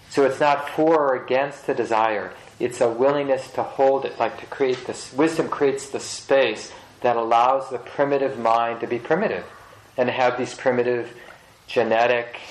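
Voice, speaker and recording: Male meditation teacher, measured and reflective, mid pitch, echoing meeting room. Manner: slow, measured, pausing to search for words. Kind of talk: reflective dharma talk to a group. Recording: roomy echo of a meeting hall.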